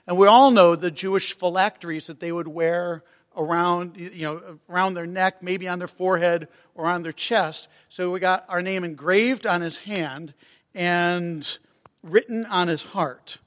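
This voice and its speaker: Earnest male preacher, high voice, slow heartfelt sermon, long hall reverb. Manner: earnest, emotional, reads hymn lines slowly.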